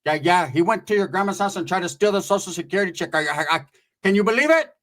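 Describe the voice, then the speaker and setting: A man voicing a loud, bossy older aunt with a raised, brash voice. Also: high voice, animated, fast.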